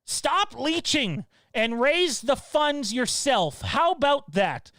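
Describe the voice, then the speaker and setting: A man voicing a mocking male online troll in a high, drawn-out sneer. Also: sing-song, a bit bright, no room sound, clean studio sound, heavily acted.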